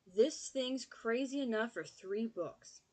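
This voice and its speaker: A woman's voice: on the high side, expressive, takes it slowly, a little mellow, pitched above the performer's own voice. A woman voicing an anxious middle-aged woman talking urgently on the phone.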